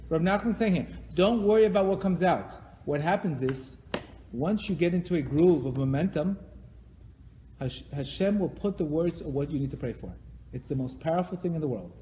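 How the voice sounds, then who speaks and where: A man's voice: high voice, darkish tone, a little hiss or hum. A man leading a live religious class, emphatic and repetitive, acting out the prayers he quotes. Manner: emphatic, repeats phrases, acts out quoted prayers. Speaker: teacher leading a weekly class. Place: synagogue or class hall. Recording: long hall reverb.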